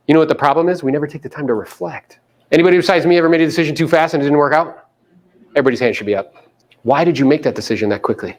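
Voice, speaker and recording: A man's voice: a little high, animated, fast talker. A man giving a live motivational seminar to a room of agents, quizzing the audience and mimicking people in playful voices. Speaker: real estate coach speaking to agents.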